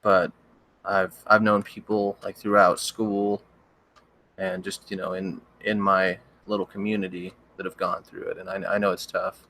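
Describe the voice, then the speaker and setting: A young man, a horror story narrator, chatting casually on a livestream, rambling and hesitant, his voice cracking and needing throat-clearing now and then. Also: deep voice, flat delivery, normal speed, bright, forceful tone. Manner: rambling, hesitant, with many restarts and fillers.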